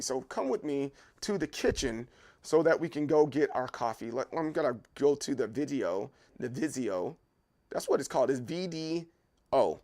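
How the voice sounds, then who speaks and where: In a casual livestream from his home kitchen, a man walks with a handheld camera and chats in a rambling way directly to his viewers. His voice is mid-range and a little mellow.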